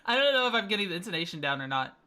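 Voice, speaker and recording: Woman streamer, bright voice, chatty and playful, laughs often. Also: mid-range voice, very animated, rapid-fire. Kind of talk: casual gaming stream chat.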